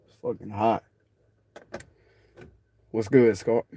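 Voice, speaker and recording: A man rambling and laughing to viewers while out at night near his truck, swearing freely, sweaty and out of breath. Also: lowish voice. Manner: giggly, profane, loose slang. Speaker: vlogger. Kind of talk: rambling casual talk to viewers. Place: in and around a truck outdoors at night. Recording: street noise outdoors.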